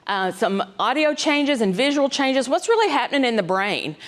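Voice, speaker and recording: A dementia specialist speaks to caregivers in a folksy, conversational style, full of ums and asides, and she keeps checking in with "right?" Her voice is high-pitched and sing-song, at a normal speed.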